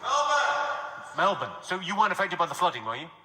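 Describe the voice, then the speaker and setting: A man doing stand-up comedy, bantering with the audience in a quick, deadpan, mocking way. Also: sits high. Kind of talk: stand-up crowd work. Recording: loud noise, live audience hall.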